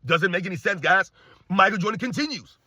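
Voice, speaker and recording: A man with a high, bright, sharp voice rants about sports, firing off repeated rhetorical questions and now and then raising his voice to a shout. The sound is dry and close, with no room around it. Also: animated, fairly quick, dry recording. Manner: emphatic, repetitive rhetorical questions; addresses viewers as guys, occasional shouting. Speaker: sports commentary host. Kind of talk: ranting sports commentary.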